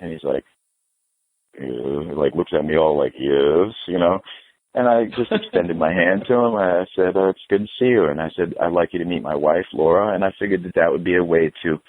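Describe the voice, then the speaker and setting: A man, a podcast guest, telling a story in casual chat, animated and profane, laughing through it. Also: low voice, fast talker, no room sound, narrow, tinny audio.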